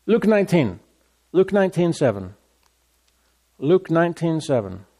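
A man delivers a lively sermon, repeating his verse references again and again. His voice sits a little high for a man, and he jumps between reading scripture and teasing the congregation. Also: measured pace. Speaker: pastor.

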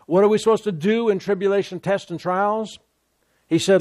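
A man's voice: sits high, steady tone, normal speed, darkish tone, no room sound, clean studio sound. A man preaching a sermon who speaks emphatically and keeps repeating key phrases.

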